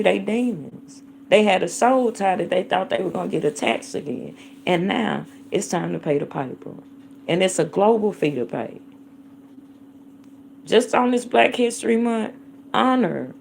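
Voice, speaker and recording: A woman's voice: mid-range voice, normal speed, creaky, slight background noise. A woman hosting a livestream, delivering an impassioned, preachy monologue that calls listeners baby and honey and rises to emphatic declarations. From United States. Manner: emphatic, rising to angry declarations. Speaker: livestream host.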